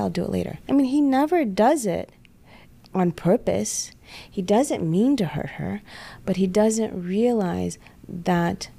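A woman in an earnest podcast conversation, explaining couple conflicts and quickly acting out what each spouse says. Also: mid-range voice, vocal fry, mellow. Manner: earnest, acts out spouses' voices in quick asides.

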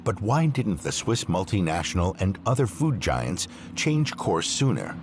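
A man reading scripted documentary narration in a measured, expressive way. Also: low-pitched. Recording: narration over clear music.

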